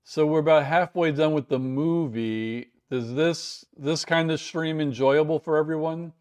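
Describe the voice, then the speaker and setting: A man's voice: fairly high pitch, a little slow, a little mellow, smooth. An American man hosting a casual live stream, chatting and rambling in a self-deprecating way while reading viewer comments, recorded indoors at home. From United States.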